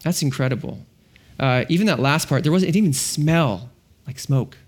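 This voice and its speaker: Man, pastor, sermon, animated storytelling, fairly high voice, middle-aged. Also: normal speed. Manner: animated storytelling, acts out biblical characters.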